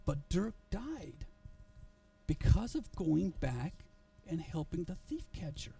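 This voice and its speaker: A male pastor tells a story in a church sermon, earnest and often restarting his phrases. His voice sits slightly high with a gravelly, mellow edge. The mic picks him up from some distance in the sanctuary. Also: very animated, slow pace, faint music behind.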